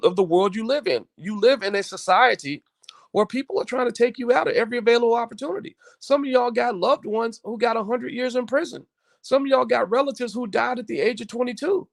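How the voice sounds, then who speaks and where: Man, high-pitched, emphatic preachy commentary, dry close sound. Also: creaky, no echo. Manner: emphatic, preachy, repeats words and restarts. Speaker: online show host. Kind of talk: opinionated commentary to viewers.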